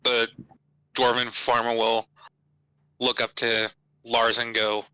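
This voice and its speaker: Man running a tabletop game, casual narration, smooth bright voice. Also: mid-range voice, monotone, slow pace, dry recording, rough recording. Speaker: game master.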